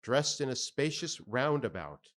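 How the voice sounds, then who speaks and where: Man reading a classic novel aloud, slow. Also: mid-range voice, sing-song, a bit bright. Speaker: volunteer reader.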